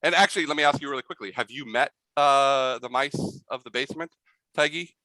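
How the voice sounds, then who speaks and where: A man's voice: mid-range voice, steady tone, fairly quick, bright, forceful tone, no room sound, low-quality recording. A man narrating a tabletop game as game master, rambling and full of fillers.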